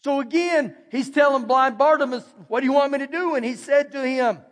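A man's voice: very high voice, a little fast, fairly bright tone, big-room sound. A man preaching a sermon as pastor, in a conversational way that acts out the quoted voices. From Texas, USA. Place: church sanctuary.

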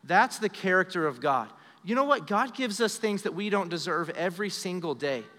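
A man's voice: high voice, lively intonation, moderate pace. Earnest preaching man in a reverberant church. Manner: earnest preaching, drops to a soft hush in personal stories. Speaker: pastor. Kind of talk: sermon. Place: church sanctuary during a live service.

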